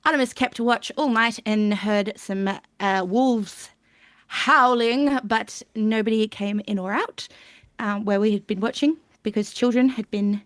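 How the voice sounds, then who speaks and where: Woman rambling through a game recap, voice a bit high, dry close sound, lots of and thens and giggles. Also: unhurried, no echo. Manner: rambling, strings of "and then", giggly. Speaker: player recapping the last session. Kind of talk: casual live-stream recap. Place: home streaming setup.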